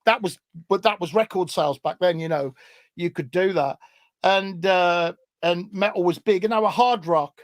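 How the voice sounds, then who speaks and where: A man, a guest in casual chat, telling stories with animation and growing loud as he laughs. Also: sits high, normal speed, no echo. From England. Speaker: guest musician.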